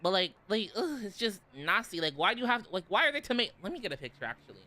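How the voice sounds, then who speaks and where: A man's voice: high-pitched, big pitch swings, fast, sharp tone. A young man streaming casually, rambling and giggling, with lots of "like" fillers. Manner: rambling, giggly, heavy use of "like". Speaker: vtuber streamer.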